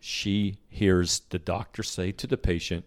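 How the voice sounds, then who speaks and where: A man co-hosting a casual chat, calmly adding details and finishing the punchlines. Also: deep voice, measured pace. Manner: calm, adds short agreements and finishes punchlines. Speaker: co-host.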